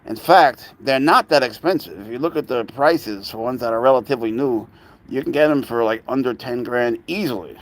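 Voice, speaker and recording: A man with a New York accent talks casually on a livestream, rambling from one thought to the next. He slips into soft, cooing baby talk whenever he turns to his cats. His pitch sits in a middle range for a man. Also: fairly quick. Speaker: pet owner livestreaming. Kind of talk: casual live stream chat.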